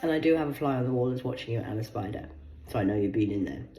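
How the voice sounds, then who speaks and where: A woman with a low voice tells a sprawling personal story straight to camera, cursing casually as she goes. She lurches from loud outbursts to quiet muttered asides. The room around her is bare and echoey. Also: animated, racing. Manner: swears freely, jumps between loud bursts and muttered asides. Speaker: vlogger. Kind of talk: rambling personal storytime monologue.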